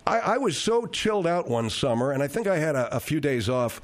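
A man's voice: a little high, big pitch swings, brisk. A man hosting a radio talk show, telling rambling, digressive stories with frequent restarts.

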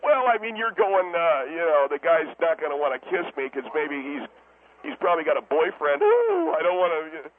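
A man's voice: on the high side, sing-song. A man doing a blustering steakhouse owner on a tinny phone line. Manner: defensive, stammering, quick to backpedal. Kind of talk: comedic radio phone-in character.

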